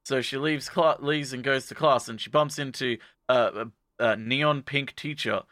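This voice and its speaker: A man casually recapping an anime for a podcast, acting out the characters' lines in quick, jumpy put-on voices. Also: steady tone, fairly bright tone, no room sound, studio quality. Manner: acts out characters in quick quoted voices, jumping up in pitch.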